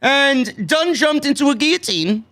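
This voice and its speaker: Loud, sarcastic New York man. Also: very high-pitched, lively intonation, unhurried. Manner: loud, sarcastic, swears a lot, shouts often. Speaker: wrestling show reviewer. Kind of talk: animated profane show review rant.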